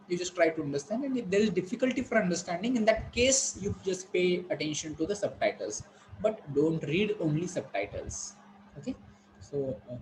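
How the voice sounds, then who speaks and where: A man's voice: sits high, a little mellow, a little hiss or hum, poor audio. A man with an Indian English accent teaching an online class, explaining words and repeating them for students. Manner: instructive, repeats words, asks students questions.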